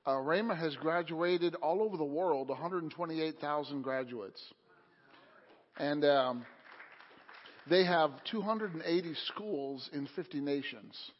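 A man preaches to his congregation in a loose, unhurried way, pausing on filler sounds as he goes. His voice sits a little high, and the sound is dull and lo-fi. A long reverb trails behind it in the church hall. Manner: casual, hesitant with many uh fillers. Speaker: pastor. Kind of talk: sermon. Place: church sanctuary.

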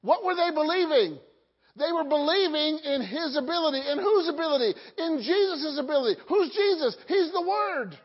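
A woman's voice: high voice, lively intonation, moderate pace. A woman preaching a sermon, quizzing the congregation with questions and dropping joking asides. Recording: dull lo-fi hall recording.

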